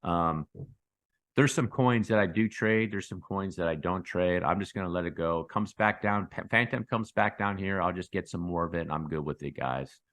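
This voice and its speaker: A man hosting a casual chart commentary, rambling and repeating himself, calling his viewers guys and breaking into excited bursts. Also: sits low, normal speed. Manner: excitable bursts with sound effects. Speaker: crypto channel host.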